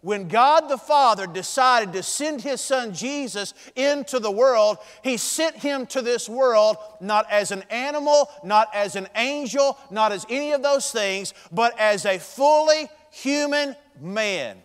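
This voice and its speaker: A man preaches from the pulpit, his voice sitting high for a man and rising and falling sharply in volume and tempo. The long reverb of a church sanctuary trails each phrase. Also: expressive, a little slow, few pauses, clear, resonant tone. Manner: preaching with dramatic swings in loudness and pace. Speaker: pastor. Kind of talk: sermon.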